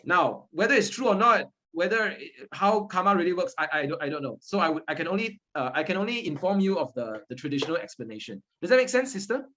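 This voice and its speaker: A man's voice: sits high, sing-song, quick pace, few pauses, bright, forceful tone. A man teaching a Buddhist story class, conversational, often checking in with his listeners. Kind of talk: interactive Dharma class.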